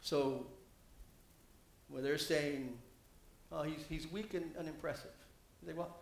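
A man preaches a sermon with a high-pitched voice, his delivery animated and climbing when he quotes scripture. The sound carries the echo of a roomy space. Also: slow pace, creaky.

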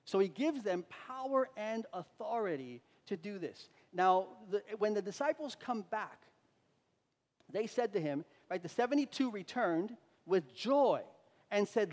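A man preaching a sermon as a pastor, swinging between loud emphatic lines and quiet asides. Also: sits high, expressive, unhurried. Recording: reverberant hall.

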